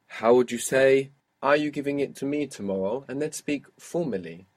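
A man's voice: mid-range voice, moderate pace, a little mellow. Guy teaching a language, patient, keeps prompting and saying good. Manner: patient, prompting and correcting a learner. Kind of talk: guided language lesson.

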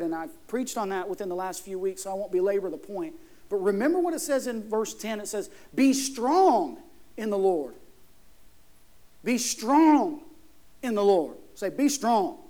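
Male pastor, high-pitched, preaching sermon with emphatic rhetorical questions. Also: brisk, darkish tone.

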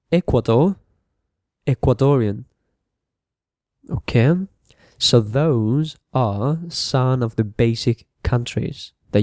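A man teaching a beginner English lesson. He speaks patiently, repeats each word and adds quick translations, often checking with okay. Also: mid-range voice, dark tone, no echo, clean studio sound. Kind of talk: slow bilingual beginner lesson.

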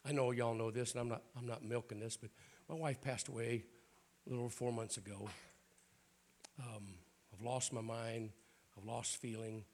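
A middle-aged guest preacher from the American South gives a folksy, humorous sermon in a church, his Southern accent clear. His mid-range, darkish voice has fairly even intonation and a moderate pace, with slight background noise.

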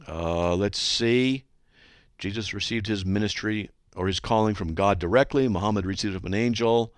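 A man's voice: fairly low pitch, moderate pace, dry recording, studio quality. A man hosting a radio show, reading listener mail aloud and mocking it sarcastically. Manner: sarcastic, animated, does mocking voices. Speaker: radio host.

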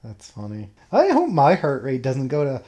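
A woman's voice: very deep voice, huge pitch swings, moderate pace, mellow. A woman riffing on a movie in casual chat, with dry, sarcastic jokes. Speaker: podcast co-host.

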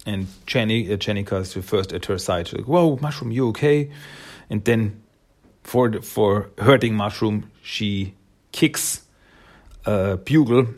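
A man's voice: lowish voice, fairly even intonation, measured pace. A man casually recapping a cartoon episode, rambling with fillers and chuckles.

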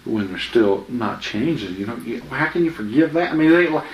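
A man's voice: mid-range voice, animated, fairly quick, a little hiss or hum. A man giving informal Bible teaching in a chatty, anecdotal way, often laughing. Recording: echoey room with faint ambience.

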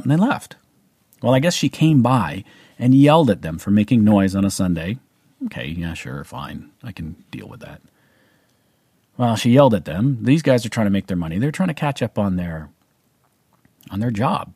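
A man's voice: lowish voice, animated, moderate pace, mellow, breathy edge, no room sound, clean studio sound. A middle-aged man with a Canadian accent, telling a personal story in a casual, rambling way with many fillers and restarts. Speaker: vlogger.

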